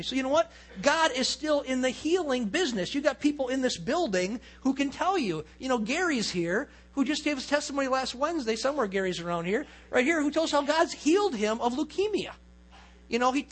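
In a church, a male pastor preaches a conversational sermon full of stories and asides. His voice is weak, a bit bright, and fades away in the low range.

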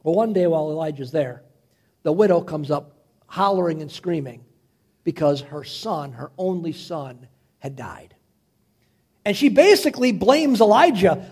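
A man preaching, dramatically retelling a Bible story, swinging from loud to hushed. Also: high-pitched, animated, moderate pace, breathy edge. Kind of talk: animated Bible storytelling sermon.

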